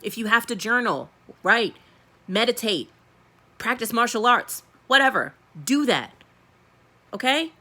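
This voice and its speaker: A woman's voice: a little high, animated, unhurried, pauses often, bright, forceful tone. A woman tarot reader giving a blunt, profane and emphatic pep talk in a casual style.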